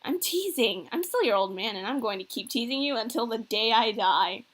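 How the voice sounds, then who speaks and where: A woman's voice: a little high, lively intonation, normal speed. A woman voicing a goofy, teasing middle-aged single father from a visual novel. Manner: joking, corny dad teasing.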